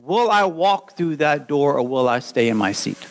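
A man preaching a sermon, telling his own testimony with animated storytelling that swings from hushed lines to loud ones. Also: a little high, moderate pace, a little hiss or hum, rough recording. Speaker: pastor.

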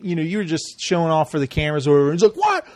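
A man with a high voice chats casually as a podcast co-host, laughing often and slipping into mock voices as he retells scenes. The sound is dry and close, with no room around it. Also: big pitch swings, rapid-fire, dry recording. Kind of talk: casual chat recapping a reality show.

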